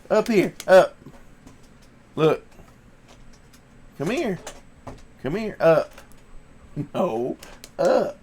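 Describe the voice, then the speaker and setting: A man's voice: high voice, expressive, slow, pauses often, background noise. A man hosting a casual livestream, sniffly from allergies, chatting in an easygoing way and coaxing his dog to do tricks. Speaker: livestream host.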